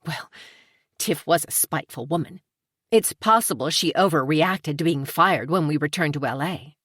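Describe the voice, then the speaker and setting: A spoiled young starlet, read by a woman narrator, haughty and dismissive. The voice sits low and close in a dry audiobook recording. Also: moderate pace, fairly bright tone, slightly rough, no room sound. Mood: snide.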